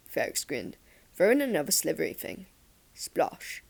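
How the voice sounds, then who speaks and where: Low, gravelly woman narrating an audiobook. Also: big pitch swings, normal speed.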